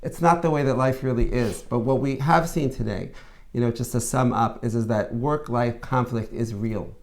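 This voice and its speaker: A man's voice: medium pitch, moderate pace, darkish tone. A man hosting a conversational discussion, earnest and summing up points, with frequent restarts and filler phrases. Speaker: host.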